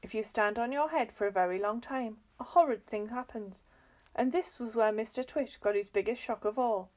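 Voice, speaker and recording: A woman reading a children's book aloud in a lively, expressive storytelling manner. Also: a little high, normal speed, poor audio.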